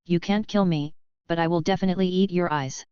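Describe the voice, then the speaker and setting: A woman's voice: on the low side, fairly even intonation, brisk, darkish tone, clean tone, no echo, lo-fi sound, lightly acted. A woman reading a cruel, airy male demon in a storybook.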